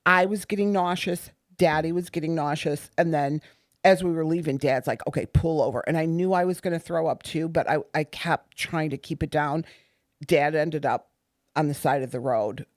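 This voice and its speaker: Middle-aged mother telling a story, animated. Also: low voice, normal speed, no echo, clean studio sound. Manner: animated, acts out quoted dialogue, repeats herself. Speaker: guest, mother of the host. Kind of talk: emotional personal storytelling.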